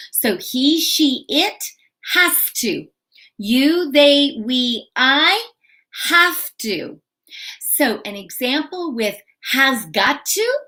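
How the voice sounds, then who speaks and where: A middle-aged woman, an English as a second language instructor, explaining grammar slowly and clearly in a live online lesson, acting out example phrases. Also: on the high side, sharp tone. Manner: slow, clear teaching with acted example phrases. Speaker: ESL instructor.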